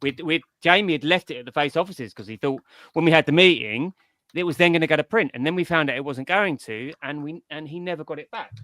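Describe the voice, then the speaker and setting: A man's voice: a little high, quick pace, fairly bright tone, no room sound. A middle-aged man, a comics writer, in a casual interview, telling his story in a rambling, digressive way.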